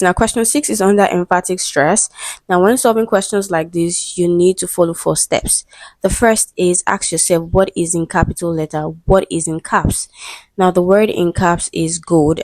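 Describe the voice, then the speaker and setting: A woman's voice: on the low side, darkish tone, no echo. Patient Nigerian woman tutoring exam English. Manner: patient, repeats "okay" and "right" often. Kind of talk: explaining English exam questions.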